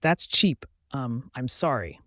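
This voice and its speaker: A man's voice: medium pitch, sing-song, slow, fairly bright tone, dry recording, studio quality. A man voicing a young woman assistant who speaks with forced politeness. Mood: polite.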